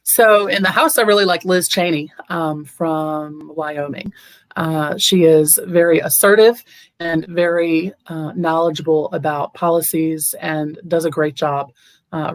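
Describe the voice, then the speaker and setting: A woman running for office, answering interview questions in an earnest way, often pausing on ums and restarting her sentences. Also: deep voice, no echo. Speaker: political candidate guest.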